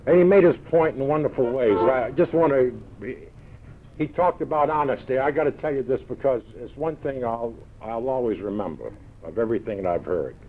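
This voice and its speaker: A man with a New York accent telling gruff, punchy stories to a meeting audience, full of quoted one-liners. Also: mid-range voice, a little fast. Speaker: recovery meeting speaker. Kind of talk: storytelling talk to an audience. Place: large event hall. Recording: tinny old 1970s tape recording.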